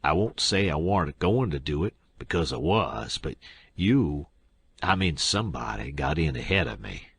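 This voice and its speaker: A man's voice: extremely low pitch, very animated, moderate pace, gravelly, a bit bright, husky, no room sound, exaggerated voice. A man putting on a sly drawling old swindler. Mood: pleading. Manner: drawling, sarcastic. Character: older male con man, sly and whining.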